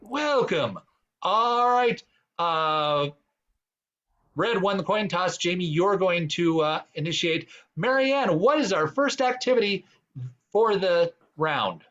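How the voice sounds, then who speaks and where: A man's voice: sits high, animated, slow, a bit bright, highs cut off. A man hosting an online improv comedy game, explaining rules with plenty of fillers. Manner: rambling, many fillers. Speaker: improv show host.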